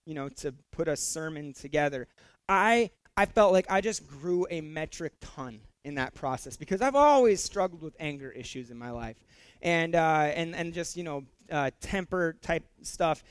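A man's voice: fairly high pitch, animated, normal speed, clear, resonant tone, no echo. A middle-aged male pastor preaching a sermon in a conversational way, with fillers and repeated words, rising to emphatic peaks.

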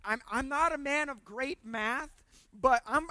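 A pastor giving a conversational sermon with humor, repeating words for emphasis and swinging between loud points and hushed asides. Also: high voice, measured pace, dry recording.

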